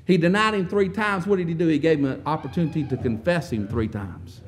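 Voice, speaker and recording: A man preaching a sermon, telling the story with wry asides and often clearing his throat. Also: on the high side, brisk.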